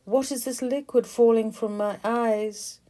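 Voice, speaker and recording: A woman voicing a huge baby honey bee boy, sweet and wondering, with a squeaky, plaintive voice. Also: fairly even intonation, unhurried, mellow, close to an everyday voice. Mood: innocent.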